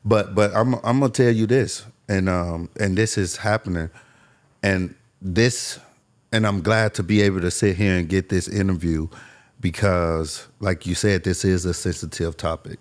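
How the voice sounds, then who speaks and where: A man's voice: low-pitched, fairly even intonation, normal speed. A man as a podcast guest, earnestly telling his life story and repeating phrases for emphasis. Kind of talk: candid personal story.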